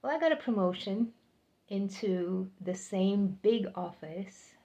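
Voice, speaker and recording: Older woman, personal storytelling, chatty, repeats for emphasis, unhurried pace. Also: medium pitch, lively intonation, dark tone, highs cut off. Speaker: vlogger.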